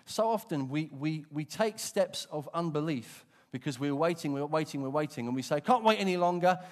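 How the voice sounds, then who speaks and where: A middle-aged British man preaching a sermon in a church, dramatic and expressive, moving from hushed asides to emphatic points. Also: fairly high pitch, normal speed. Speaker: pastor. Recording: long reverb of a church hall.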